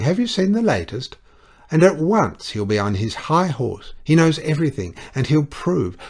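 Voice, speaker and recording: A man's voice: mid-range voice, darkish tone. A man voicing a bitter, scornful young English society wife, speaking with cutting passion in an audiobook reading.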